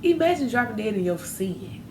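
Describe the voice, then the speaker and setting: A woman's voice: mid-range voice, very animated, moderate pace. A woman hosting a podcast, talking candidly and animatedly about faith and dating. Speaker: podcast host. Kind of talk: casual faith talk. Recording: echoey room with faint noise.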